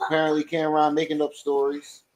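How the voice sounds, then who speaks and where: A young adult man hosting a casual livestream, loud and profane as he scolds his kids. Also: on the high side, completely flat delivery, quick pace, echoey room, background noise. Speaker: online show host.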